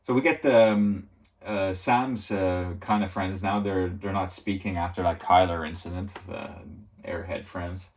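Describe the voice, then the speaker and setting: Guy with a lowish voice rambling through a tv episode recap, lots of "you know"s, chuckling. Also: fairly even intonation, a little slow. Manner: rambling, heavy on filler words, chuckles often. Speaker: TV show reviewer.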